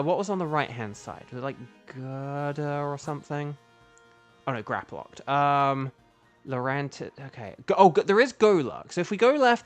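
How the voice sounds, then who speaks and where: A man who voices games, streaming a game and chatting casually, thinking aloud and breaking into loud playful outcries. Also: fairly high pitch. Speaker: streamer and voice actor.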